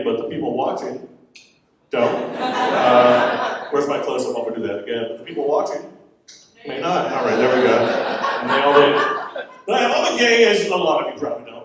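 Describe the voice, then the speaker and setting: A man's voice: medium pitch, noisy background. A man in his forties doing a stand-up comedy set on stage, chatty and self-mocking with rambling asides. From Florida. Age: 40s. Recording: roomy venue sound from a distance. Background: audience laughter.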